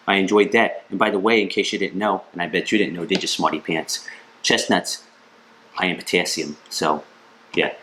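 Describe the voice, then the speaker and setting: A man reviewing a cigar on camera, trading deadpan jokes and mock arguments with someone off camera. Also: low voice, slight background noise. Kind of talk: comedic product review vlog.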